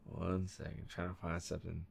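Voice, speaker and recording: A man in a casual movie-quote quiz chat, swearing, laughing often and quickly excited. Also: sits low, gravelly, slight background noise. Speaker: quiz player.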